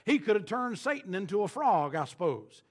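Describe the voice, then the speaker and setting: High-voiced preaching man. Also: big pitch swings. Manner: emphatic, preaching with dramatic pauses and quoted scripture. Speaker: pastor. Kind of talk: sermon.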